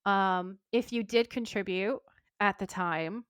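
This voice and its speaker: A woman's voice: medium pitch, slow pace, smooth, no room sound. Chatty woman podcast co-host, dry sound. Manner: warm, chatty and enthusiastic. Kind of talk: casual chat and reading aloud.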